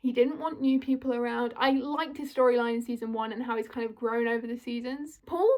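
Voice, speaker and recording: A woman's voice: on the high side, fairly even intonation, a little fast, darkish tone. A young British woman talking casually through a fandom video essay, chatty and full of apologetic asides. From United Kingdom.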